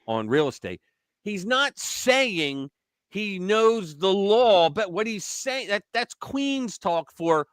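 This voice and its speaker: A man's voice: high-pitched, big pitch swings, takes it slowly, fairly bright tone, dry recording, clean studio sound. A man hosting a casual live-stream commentary show, blunt and profane, laughing at his own jokes. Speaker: host.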